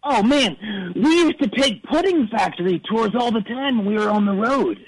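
A man's voice: sits high, expressive, normal speed, slightly rough, exaggerated voice, low-quality recording. A man on a comedy call-in show impersonating an aging male rock star who rambles through earnest, absurd boasts. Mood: earnest boasting. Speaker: caller. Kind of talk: comedic impression on call-in radio.

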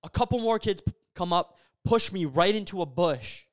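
A young male podcast host with a high, smooth and resonant voice. He tells a story in relaxed, animated chat and leans on casual fillers. His delivery is loose and conversational. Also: normal speed. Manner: animated, filler-heavy storytelling with frequent "bro" and "like".

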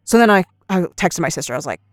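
A podcast co-host with a fairly low voice casually retells an argument at a rapid-fire pace, animatedly acting out each quoted line. The recording is dry and studio quality.

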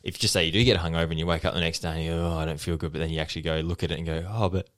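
A young man hosting a podcast, telling stories in a quick casual chat and acting out the people in them. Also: low-pitched, little pitch movement, no echo, clean studio sound. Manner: fast storytelling, acting out quoted people. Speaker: podcast host.

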